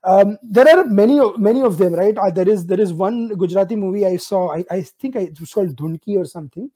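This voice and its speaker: A man with an Indian accent talks quickly in a casual podcast chat. His voice is mellow and relaxed. He moves freely between English and Hindi phrases. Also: sits high, low-quality recording. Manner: fluid, mixes in Hindi phrases. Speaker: podcast host.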